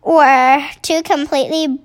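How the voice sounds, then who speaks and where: Slow, halting storybook reader, a woman. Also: high voice, steady tone. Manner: slow, halting, stumbles on words. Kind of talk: reading a storybook aloud.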